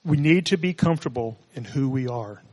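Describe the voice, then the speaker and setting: A man's voice: mid-range voice, expressive, fairly quick, in a large hall. A man preaching a sermon, reading scripture and adding conversational, joking asides. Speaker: pastor.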